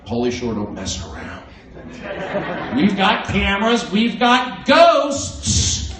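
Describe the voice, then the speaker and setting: Manic comedian, distant roomy club recording. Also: male voice, sits high, huge pitch swings, slow. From American Southwest. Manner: manic, erratic delivery with sudden loud outbursts. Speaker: stand-up comedian. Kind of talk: stand-up comedy set. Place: comedy club main room. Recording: roomy, distant livestream audio with crowd laughter.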